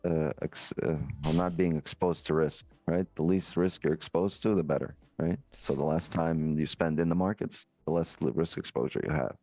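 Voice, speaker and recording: A man's voice: rumbling low, steady tone, normal speed, hardly any pauses, warm tone, dry recording, dull audio, soft background music. A man co-hosting a trading stream, explaining in a rambling way with lots of rhetorical questions. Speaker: co-host trader. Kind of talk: casual explaining.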